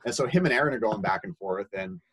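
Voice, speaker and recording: A young man casually telling a story, lively and laughing, acting out quoted voices. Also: lowish voice, fast, breathy edge, dry recording, rough recording.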